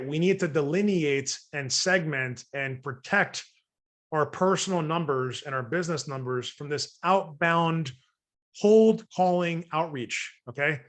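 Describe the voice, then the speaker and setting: A man's voice: medium pitch, a bit bright. A man coaching real estate investors in a long webinar training. He jokes with his audience and acts out sample phone calls.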